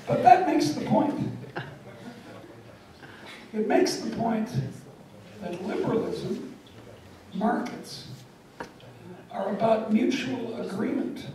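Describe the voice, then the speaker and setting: A woman's voice: a little high, very animated, very slow, long pauses, crowd noise. An older woman giving a public lecture, wry and emphatic, telling stories and jokes. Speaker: guest lecturer. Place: lecture hall. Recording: echoey lecture hall from far off.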